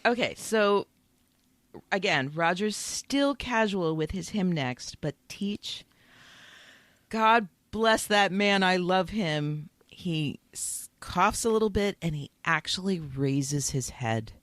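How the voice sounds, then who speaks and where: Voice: medium pitch, animated, slow, fairly bright tone, no room sound. A podcast co-host in casual chat, retelling TV scenes with a lot of emotion. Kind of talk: casual chat about a TV episode.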